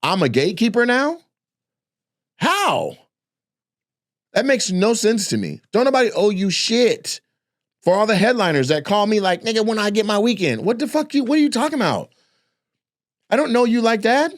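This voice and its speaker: A man's voice: sits high, sing-song, moderate pace, pauses often, no room sound, studio quality. A man, a comedian, delivering a heated, profane, repetitive rant as comedic commentary.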